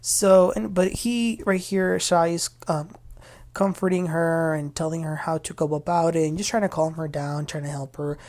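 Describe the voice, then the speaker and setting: A woman's voice: deep voice, fairly even intonation, normal speed, darkish tone. A woman hosting a casual TV recap, chatty and opinionated as she retells scenes. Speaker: reality TV recap host. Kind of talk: casual episode recap commentary.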